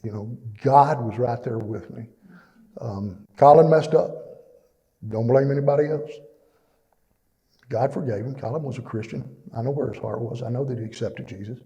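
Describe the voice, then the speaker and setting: A man's voice: medium pitch, normal speed, creaky, mellow. A middle-aged man giving a plainspoken, emotional personal testimony at a church, with many fillers. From East Texas. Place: church fellowship hall. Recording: long reverb in a church hall.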